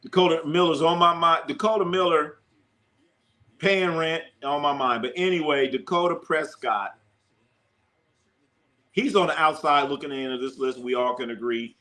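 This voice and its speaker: Bright-voiced excitable sports stream host. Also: male voice, on the high side, normal speed, long pauses. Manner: excitable, banters with chat, repeats himself. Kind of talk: live-stream sports talk.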